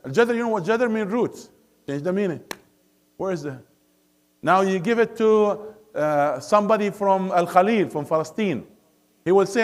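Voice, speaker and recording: A man teaching a Quran study circle in a mosque classroom, his voice sitting a little high. He moves between English and Arabic and checks in with the class through constant questions. Now and then he recites verses in a melodic chant. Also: normal speed.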